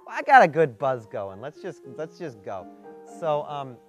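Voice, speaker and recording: A man's voice: mid-range voice, big pitch swings, moderate pace, natural voice. A man doing a tipsy wine-mom host. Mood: tipsy bossy. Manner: bossy, boozy advice-giving. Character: tipsy wine-mom talk show host, middle-aged woman. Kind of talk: live comedy sketch. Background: piano music.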